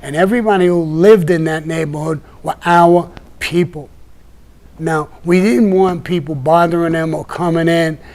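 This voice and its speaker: Older male guest, Brooklyn accent, meandering raconteur, slightly higher-pitched voice. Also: fairly even intonation, normal speed, darkish tone. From Brooklyn, New York. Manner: rambling, with many restarts and "you know". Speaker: podcast guest telling stories. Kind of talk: casual storytelling chat.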